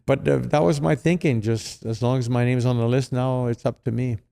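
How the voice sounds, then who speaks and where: A man's voice: medium pitch, normal speed, creaky. A middle-aged man with a French-Canadian accent, a native French speaker, telling stories as an interview guest and acting out the voices of people he quotes. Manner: animated, acts out quoted voices, frequent fillers. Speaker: guest, retired hockey player. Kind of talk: casual storytelling.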